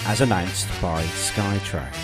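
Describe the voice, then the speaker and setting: A man's voice: low voice, takes it slowly, over loud music. A man co-hosting a casual podcast, reading out news items and chat-room comments. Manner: reads out news items brightly. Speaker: podcast co-host.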